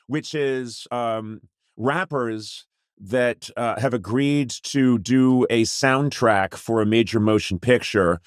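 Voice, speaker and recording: A man's voice: medium pitch, slow pace, clean tone, no room sound. Middle-aged male podcast host, loose comic rambler, dry close-miked studio voice. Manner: rambling, self-mocking, jokey asides. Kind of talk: casual comedic chat. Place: Los Angeles podcast studio.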